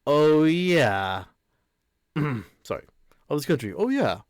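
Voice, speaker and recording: A man's voice: on the high side, very animated, takes it slowly, dry recording, clean studio sound. A man voicing an arrogant male holy knight who taunts his listeners with a threat over a broadcast. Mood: mocking.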